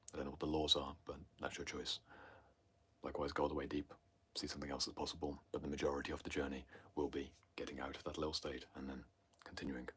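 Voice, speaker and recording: Male livestream host, very low husky voice, swings from loud emphasis to hushed whispers. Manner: intense, often sinking into a breathy near-whisper. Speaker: host answering viewer questions. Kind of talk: livestream Q&A talk.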